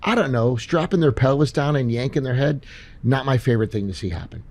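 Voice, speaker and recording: A man co-hosting a live podcast Q&A at a seminar, talking in an animated, jokey way with some swearing. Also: medium pitch, brisk. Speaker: podcast co-host. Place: seminar stage.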